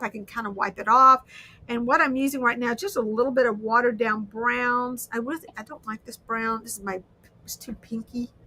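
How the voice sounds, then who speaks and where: Bright, chatty woman hosting a craft stream. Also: on the high side. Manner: chatty, rambling, self-deprecating. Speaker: livestream host. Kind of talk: casual crafting livestream chat.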